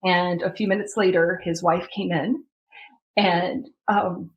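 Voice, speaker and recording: A woman's voice: on the low side, steady tone, slow pace, dull audio. Earnest woman telling her story. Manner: earnest, many fillers and restarts, acts out quotes. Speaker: podcast guest. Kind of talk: emotional personal storytelling.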